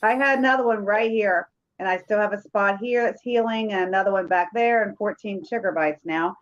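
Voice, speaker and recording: A woman chatting loosely about a ghost hunt, her story wandering from point to point. Her voice sits at an ordinary middle pitch. The recording is dull and lo-fi. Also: fairly quick. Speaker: paranormal investigator. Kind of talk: casual chat. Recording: dull lo-fi sound.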